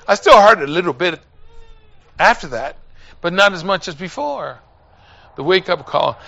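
An older man preaching a sermon, telling a personal story and building up to loud calls to his listeners. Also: high voice, lively intonation, moderate pace, vocal fry, pauses often. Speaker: pastor.

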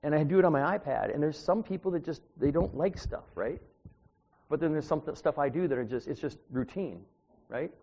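A man's voice: a little high, fairly quick, warm tone. Man in his 60s preaching in an echoey church. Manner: informal, self-deprecating, chatty asides to the congregation. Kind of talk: conversational sermon with personal stories. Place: church, at the pulpit. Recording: dull, echoey church recording.

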